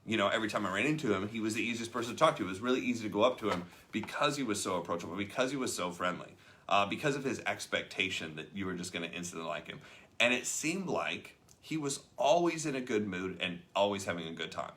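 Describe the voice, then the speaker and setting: A man's voice: on the low side, lively intonation, fast, sharp tone. A man hosting a casual talk show, telling a story and acting out the people in it. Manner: chatty storyteller acting out quoted voices. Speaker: host. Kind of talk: casual chat about a leadership book.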